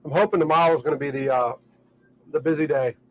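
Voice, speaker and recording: A man, chatting casually in a relaxed, rambling way with lots of fillers, recorded on a boat outdoors. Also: on the high side, fast talker, rough recording. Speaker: vlogger. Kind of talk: casual vlog talk.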